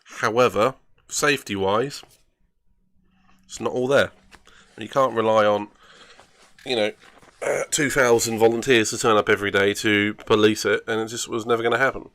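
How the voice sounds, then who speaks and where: A man's voice: on the low side, fairly even intonation, normal speed, a bit bright. A man chatting casually while streaming a racing game, rambling and grumbling at himself with self-mocking asides.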